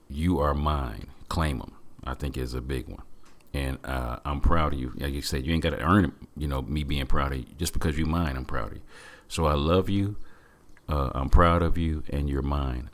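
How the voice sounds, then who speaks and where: A man co-hosting a podcast, speaking in a heartfelt, affirming way with frequent pauses. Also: a bass voice. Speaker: podcast co-host. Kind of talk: casual chat.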